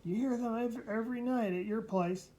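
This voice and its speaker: A woman's voice: a little high, normal speed, mellow. A woman reading a children's picture book aloud to a child, mimicking the sounds and asking the listener questions.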